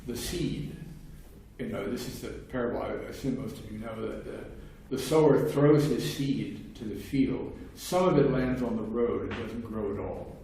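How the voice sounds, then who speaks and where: In a seminar room, an older philosophy lecturer delivers a seminar talk in a discursive academic style, full of restarts and fillers. His voice is medium in pitch and dark in tone, at a normal pace, picked up by a distant mic in a heavily echoey space with faint hiss underneath.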